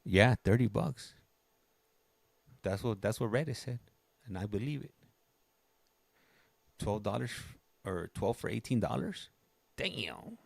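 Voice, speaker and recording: A man with a very deep, gravelly voice hosts a livestream in loose, rambling chat. He circles back and restarts his sentences often, and the sound is dry and close. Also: animated, slow pace, pauses often, no echo. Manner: rambling, chatty, many restarts. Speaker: livestream host. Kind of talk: casual chat.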